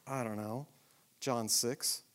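A man preaching a Bible lesson, animated and self-deprecating, asking the audience many rhetorical questions. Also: medium pitch, slow. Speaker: pastor. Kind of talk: sermon-style Bible teaching.

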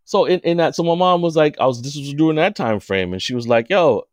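A man's voice: fairly high pitch, fast, no room sound, studio quality. A man on a podcast as the guest, telling stories in casual chat and acting out what others said in a raised voice. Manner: animated storyteller, acts out quotes in a raised voice.

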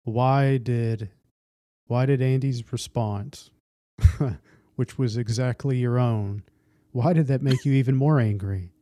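An interviewer asking unhurried follow-up questions in a conversational interview. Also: medium pitch, warm tone, no echo, studio quality.

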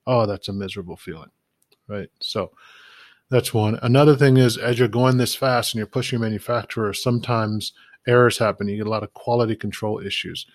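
An e-commerce business advisor gives a practical, conversational instructional talk on scaling product manufacturing, frequently checking in with "right?" His voice is fairly low with fairly even intonation and a brisk pace, recorded in studio quality with no room sound.

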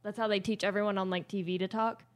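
A woman's voice: mid-range voice, fairly even intonation, quick pace. A woman comedian guesting on a podcast, blunt and matter-of-fact in casual chat.

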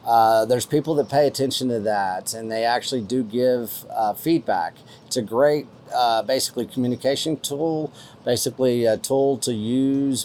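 Here a man hosts a podcast in a West Texas accent, his mid-range voice carrying a darkish tone over a slight hiss or hum. It's casual, folksy chat that rambles and leans on fillers as he reads listener donations aloud and thanks the donors.

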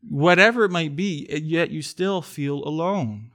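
Male pastor, sermon, earnest, slightly higher pitch, emphatic then quiet. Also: measured pace. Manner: earnest, builds to emphatic pleading then drops soft. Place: church.

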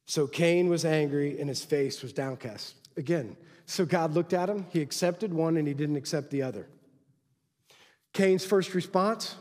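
A man preaching a sermon as pastor, emphatic, swinging from loud exhortation to quiet asides. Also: on the high side, unhurried, long reverb tail.

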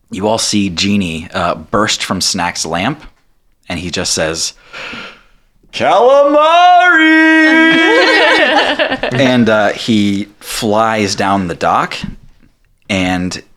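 A man narrating as game master in a tabletop game, relaxed and full of fillers. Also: sits low. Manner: relaxed, hesitant with many fillers.

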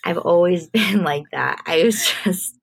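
A woman's voice: fairly low pitch, a little slow, vocal fry, breathy edge. A woman guest on a podcast, an entertainment manager, speaking candidly and thoughtfully with frequent restarts. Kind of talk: casual conversational interview.

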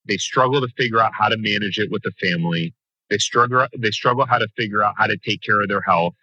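A man talking as a guest in a podcast interview, coaching franchise owners with an energetic, emphatic motivational delivery. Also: lowish voice, fairly quick, husky, no room sound, highs cut off.

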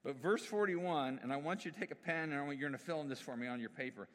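A pastor with a fairly high, fairly bright voice preaches quickly in a conversational style, often putting questions to the congregation. The recording carries a long hall reverb.

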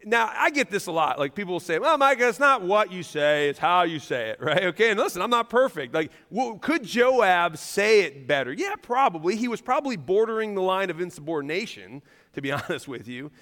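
A male pastor preaching with a high, animated voice that rises and falls all over the place. He jokes and laughs with his congregation between points, poking fun at himself. His voice rings out with the long reverb of a large church hall. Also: a little fast. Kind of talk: sermon.

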